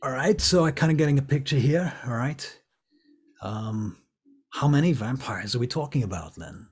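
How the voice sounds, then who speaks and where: A man's voice: mid-range voice, animated, normal speed, slightly rough. A man voicing a wary young man who keeps asking skeptical questions.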